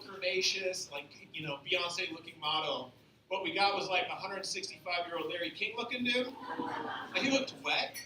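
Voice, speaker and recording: A young man with an American accent doing a crude, profane, self-mocking stand-up comedy set in a beer garden venue. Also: high-pitched. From Australia. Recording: echoey, distant mic, noisy ambience.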